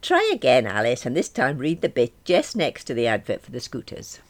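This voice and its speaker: A woman voicing a pushy, excitable female friend who talks in bossy, high exclamations in a storybook reading. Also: fairly quick, exaggerated voice. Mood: eager.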